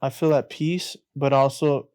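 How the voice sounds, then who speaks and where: A young man in mid-range pitch speaks sincerely on a relaxed faith podcast. He talks in a measured way and often stops to search for the right word. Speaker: podcast co-host. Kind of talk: casual faith podcast chat.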